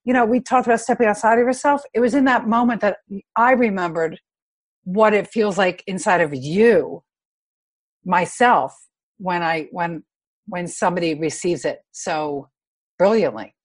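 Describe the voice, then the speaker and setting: A middle-aged woman sharing heartfelt personal stories in a casual conversation, growing lively when she quotes other people. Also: medium pitch, normal speed. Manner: earnest, animated when quoting others.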